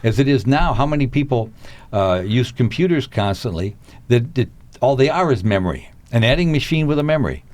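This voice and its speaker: A man's voice: medium pitch, animated, a little fast, a little mellow. A man hosting a casual talk show, laughing often and turning reflective. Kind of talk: casual comedic chat.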